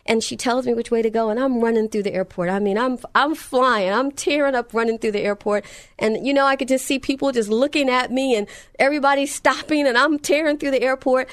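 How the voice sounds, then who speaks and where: A woman's voice: high-pitched, fairly even intonation, a little fast, dry recording. A middle-aged woman telling a personal testimony story in an earnest, emphatic way, repeating phrases for effect.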